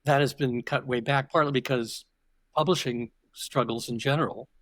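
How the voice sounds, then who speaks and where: Older guy rambling through stories on a podcast, mid-pitched voice, keeps restarting, very dry sound. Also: fairly even intonation, normal speed, fairly bright tone, dry recording. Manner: reflective and digressive, with frequent restarts. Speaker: podcast guest. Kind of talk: conversational interview storytelling.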